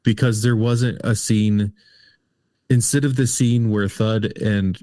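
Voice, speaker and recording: A man's voice: on the low side, fairly even intonation, takes it slowly, dark tone, no room sound, studio quality. A man co-hosting a casual film review podcast, talking things through hesitantly with many fillers. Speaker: podcast co-host.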